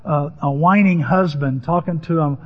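A pastor with a high-pitched voice delivers a lively, conversational sermon. His voice rings with a long hall reverb, and the recording sounds dull and muffled. He slips into acted-out voices as he tells stories. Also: normal speed, slightly rough. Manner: animated, acts out biblical voices with rising pitch.

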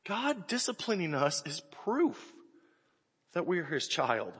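A man in his forties preaching a sermon, telling stories with animated swings and sudden shouts. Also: high-pitched, measured pace, husky. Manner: animated storytelling, bursts into shouts. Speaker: pastor. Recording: echoey hall with long reverb.

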